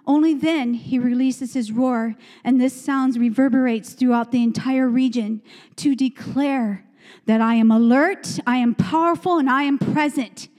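A woman's voice: sits high, a little slow, a little mellow. A woman preacher delivering a fervent sermon with emphatic, repeated phrases and calls to the congregation. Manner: fervent, call-and-response, repetitive emphatic phrases. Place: church sanctuary. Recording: long church hall reverb.

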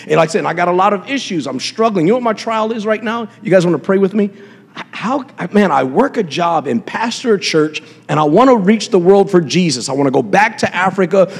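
A man's voice: a little high, vocal fry, husky, big-room sound. A man preaching a sermon as pastor, impassioned, with call-and-response asides to his congregation.

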